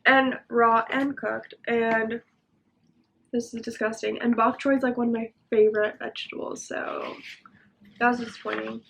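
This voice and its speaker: A young woman hosting a casual mukbang chat at home, talking while she eats, chatty and quick to giggle. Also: fairly high pitch, flat delivery, creaky, fairly bright tone, a little hiss or hum. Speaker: vlogger host. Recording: dull lo-fi sound.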